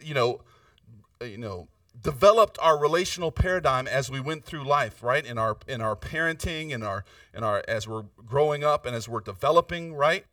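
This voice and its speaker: Earnest, bright-voiced male pastor preaching. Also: medium pitch, expressive, moderate pace, dry recording, studio quality, far from the mic. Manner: earnest, personal, keeps asking "right?". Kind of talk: conversational sermon.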